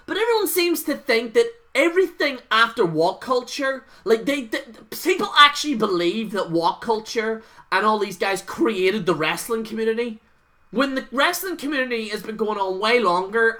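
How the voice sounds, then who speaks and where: A wrestling YouTuber with a fairly high, bright, forceful voice rants off the cuff in an unhurried way with lively intonation. She rambles and swears, stuffs every thought with "like," and scoffs at others, mocking them with put-on voices.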